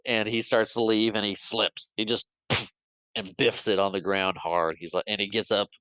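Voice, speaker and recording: A man co-hosting a podcast, recapping movie scenes in casual chat, acting out the characters' lines in quick quoted bits and laughing often. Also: fairly low pitch, little pitch movement, pushed and bright, no room sound, low-quality recording. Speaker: podcast co-host.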